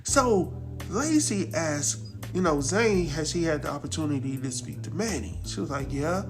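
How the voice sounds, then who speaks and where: A man hosting a casual episode recap, telling the story in a lively, slangy way and acting out the characters' lines. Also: fairly high pitch, moderate pace, music in the background. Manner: slangy, laughs at his own jokes. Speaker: recap show host.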